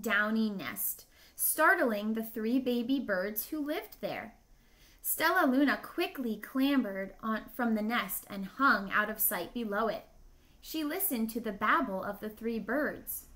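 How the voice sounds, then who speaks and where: Woman teacher, storybook read-aloud lesson; slow, bright, encouraging questions. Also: on the high side, big pitch swings. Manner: encouraging, asks listeners questions and praises answers.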